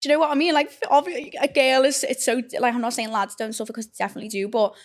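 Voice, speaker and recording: A woman's voice: fairly high pitch, fairly even intonation, rapid-fire. Young woman, blunt and candid. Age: young adult. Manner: candid, blunt, frequent swearing and "like" fillers. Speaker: podcast host. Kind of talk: casual confessional storytelling.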